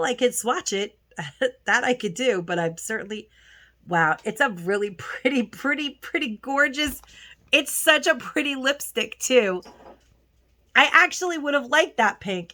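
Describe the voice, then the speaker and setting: A woman's voice: fairly high pitch, bright, forceful tone. A woman beauty vlogger chatting casually at home through a haul, gushing about lipsticks and often restarting her sentences. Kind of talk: casual haul video chat.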